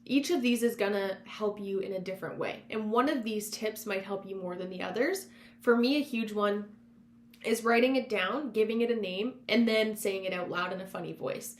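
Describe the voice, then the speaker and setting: A woman's voice: medium pitch, moderate pace. Woman podcast host in an echoey room. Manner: encouraging, conversational, coaching. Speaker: former counselor. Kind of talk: self-help podcast talk. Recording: roomy echo with faint hum.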